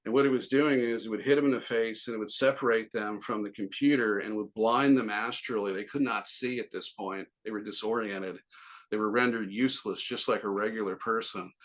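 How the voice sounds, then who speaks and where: A man's voice: fairly low pitch, steady tone, a little fast, a bit bright. A man as an interview guest, telling a long personal story in a rambling way, full of restarts and quoted back-and-forth. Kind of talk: casual storytelling.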